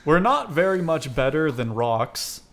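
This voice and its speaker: Young man telling dark comic stories. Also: on the high side, unhurried. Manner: dark deadpan storytelling, laughing often. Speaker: podcast host. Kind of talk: casual comedic podcast chat.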